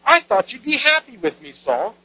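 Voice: mid-range voice, big pitch swings, normal speed, sharp tone, voice pushed up, low-quality recording. A pastor voicing a priest who pleads that he only helped a hero. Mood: earnest. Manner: pleading rhetorical questions. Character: earnest, bewildered male priest.

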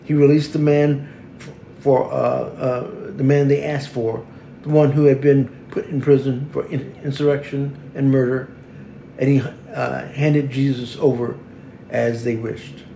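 A man's voice: mid-range voice, little pitch movement, measured pace, vocal fry, dark tone. A man leading morning prayer, reading scripture and praying aloud with frequent restarts. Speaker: worship leader. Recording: echoey room with faint noise.

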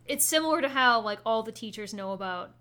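A woman co-hosting a casual anime recap chat, chatty and quick to laugh. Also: fairly high pitch, expressive, pushed and bright, clean tone. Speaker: podcast co-host.

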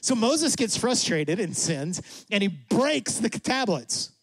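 High-voiced animated preacher, dry sound. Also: male voice, dry recording. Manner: animated preaching, acting out God and Moses in quick asides; drops to a soft, low voice for emphasis. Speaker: pastor. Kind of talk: sermon.

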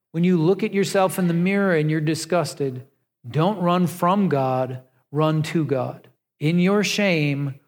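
A man preaching a sermon, telling the story with lively, pleading emphasis. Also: a little high. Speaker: pastor. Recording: long reverb of a large hall.

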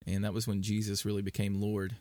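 A man's voice: lowish voice, completely flat delivery, brisk, a little mellow, no echo. A man chatting as a guest on a faith podcast, rambling with fillers and restarts as he tells stories. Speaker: worship leader and podcast guest. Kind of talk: casual conversational interview.

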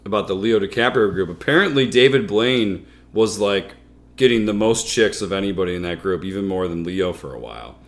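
A man's voice: lowish voice, animated, a little fast. A man co-hosting a podcast, chatting casually over beers in a rambling, joking way and laughing often. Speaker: podcast co-host.

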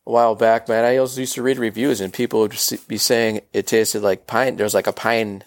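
A man's voice: fairly low pitch, little pitch movement, brisk. A man as a podcast guest in casual chat, laid-back and jokey, peppering his talk with dude and man.

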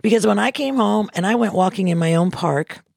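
A woman's voice: medium pitch, brisk, gravelly, a little mellow, no room sound, studio quality. A woman from Missouri giving an impassioned motivational speech, emphatic and repetitive, speaking from the heart. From Missouri, USA.

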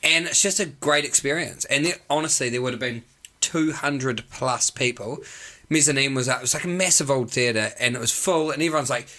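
A young man, hosting a podcast and telling rambling, animated stories full of swearing. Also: medium pitch, brisk. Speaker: podcast host. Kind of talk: casual chat.

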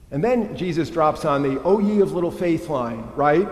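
A man preaching a sermon as a pastor, lively and humorous in a conversational way. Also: fairly high pitch, moderate pace, hardly any pauses. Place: church. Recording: echoey church hall with long reverb.

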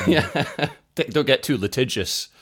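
A man's voice: medium pitch, expressive, takes it slowly, a bit bright. A man co-hosting a podcast, playful and jokey, laughing often. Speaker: podcast co-host. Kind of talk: casual chat.

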